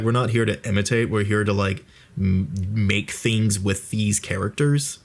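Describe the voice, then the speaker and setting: A man with a fairly low voice rambles casually over his own let's play, speaking through a VR headset mic. He's self-deprecating and swears freely.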